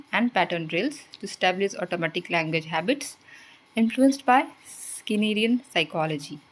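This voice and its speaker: A woman's voice: lowish voice, rough recording. A woman, teaching exam prep by reading quiz questions and explaining the answers. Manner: reads out questions then explains answers, switching into Hindi asides.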